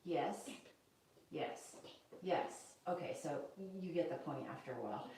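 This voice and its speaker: Woman piano teacher, patient and explanatory, mellow tone, recorded distant in a roomy space with piano. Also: sits low, measured pace, a little hiss or hum. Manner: patient, explains step by step and checks understanding. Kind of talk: one-on-one music lesson. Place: indoor room with a piano.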